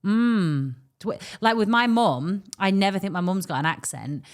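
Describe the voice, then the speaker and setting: A young English woman with an English accent co-hosting a casual podcast, chatty and animated, with quick asides and laughter. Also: medium pitch. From England. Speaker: podcast co-host. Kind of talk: casual chat.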